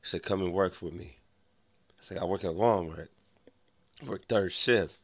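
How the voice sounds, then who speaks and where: Deep-voiced young guy rambling a story for his vlog, dry close sound. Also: normal speed, dry recording, muffled recording. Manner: rambling, full of restarts and quoted dialogue. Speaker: vlogger. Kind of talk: casual storytelling to camera.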